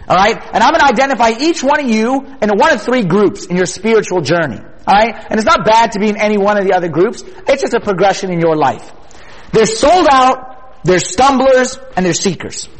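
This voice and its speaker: A man giving an energetic youth sermon at a retreat, talking casually and often asking his listeners questions. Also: high-pitched, big-room sound, low-quality recording. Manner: energetic, conversational, asks the audience questions.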